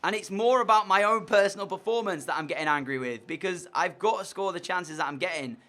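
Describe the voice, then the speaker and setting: A young man giving commentary over a football video game, sliding between frustrated muttering and shouted excitement. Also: high-pitched, brisk. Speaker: gaming YouTuber.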